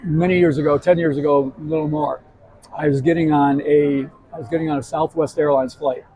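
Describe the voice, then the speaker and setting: A man's voice: a little high, steady tone, fairly quick, mellow, husky, poor audio. A man hosting a live gambling talk show, telling loose anecdotes with restarts and asides. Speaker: show host and gambling expert. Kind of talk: casual storytelling chat. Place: live show at a casino hotel.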